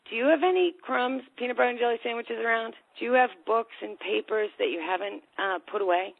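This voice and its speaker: A woman's voice: fairly high pitch, fairly quick, creaky, no echo. A woman coaching people with ADHD on a call, telling a story and acting out the voices in it. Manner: storytelling, acts out voices in a lively way. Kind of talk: talk on a call. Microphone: phone or call line. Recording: tinny phone line.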